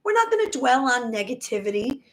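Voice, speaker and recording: A woman talking casually on a live stream as a spiritual teacher, warm in her encouragement and tripping over words, her voice going hoarse. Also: a little high, sing-song, a little fast. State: losing her voice.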